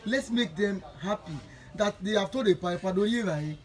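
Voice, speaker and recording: A man's voice: sits high, normal speed, rough recording. A Nigerian man, founder of a charity, speaking earnestly and repetitively to supporters on a live video and blessing them often.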